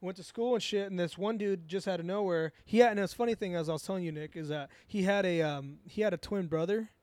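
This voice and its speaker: A man's voice: high-pitched, fast talker, darkish tone, no echo. A young man from Southern California, co-hosting a casual podcast chat and telling a rambling, crude story full of swearing. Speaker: podcast co-host.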